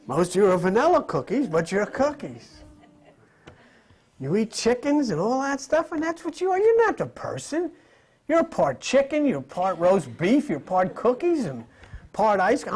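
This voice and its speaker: A man's voice: very high voice, sing-song, a little slow, a little mellow. A man giving a live spiritual lecture to an audience, rambling and conversational, with jokes and rhetorical questions.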